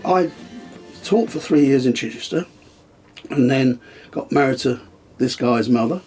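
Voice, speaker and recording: An older English man, the host's father, reminisces in a casual interview over music. His medium-pitched voice is a little slow, and he hesitates with frequent ums and restarts, chuckling now and then.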